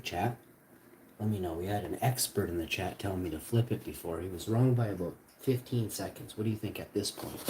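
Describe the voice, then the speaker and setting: A man's voice: fairly low pitch, a little hiss or hum. Boastful, foul-mouthed cooking streamer, a man. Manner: boastful, profane and excitable. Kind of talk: casual live cooking stream.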